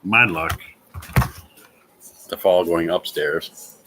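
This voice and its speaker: Casual vlogger, male, very low voice with a bright edge, laughs and swears a lot. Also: very slow, a little hiss or hum, rough recording. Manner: chuckles often, swears freely, self-mocking. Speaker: vlogger chatting with live viewers. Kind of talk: casual chat, rambling storytelling.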